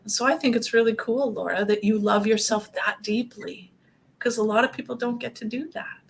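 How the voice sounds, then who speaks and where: Earnest woman with a gravelly voice. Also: on the high side, steady tone, moderate pace, a little hiss or hum. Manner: gentle, earnest, speaks from personal experience. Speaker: guest speaker on grief. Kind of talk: conversational talk show discussion.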